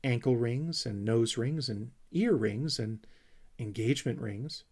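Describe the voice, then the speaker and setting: A man voicing an eager, dreamy young male troll creature who talks with excitable enthusiasm. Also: medium pitch, a little slow.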